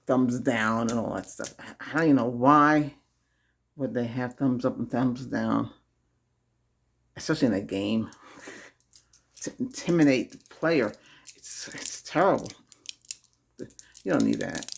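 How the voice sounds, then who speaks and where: A man's voice: medium pitch, unhurried, vocal fry, pauses often. A man hosting a Reiki video, giving casual spoken advice to viewers, chuckling often and repeating himself. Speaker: Reiki ASMR host.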